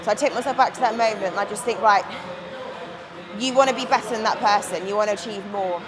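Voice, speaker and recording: A woman's voice: medium pitch, quick pace, a crowd in the background, low-quality recording. A young woman chatting candidly and swearing casually as she walks through gym exercises in a vlog. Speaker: bodybuilding competitor. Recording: music playing behind.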